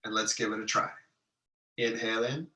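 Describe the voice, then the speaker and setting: A man leading a guided healing-sound meditation, speaking calmly and softly and drawing out long chanted vowel tones. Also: lowish voice, normal speed. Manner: calm, soft-spoken guidance with long chanted vowel tones. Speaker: meditation teacher. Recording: echoey room, mic at a distance.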